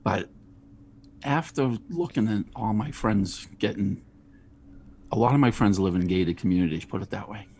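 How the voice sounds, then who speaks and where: A man, a guest on a podcast, telling jokey, animated stories in casual chat. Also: fairly low pitch, moderate pace, vocal fry, long pauses, slight background noise. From Charlestown, Boston area. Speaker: guest, ice cream truck driver.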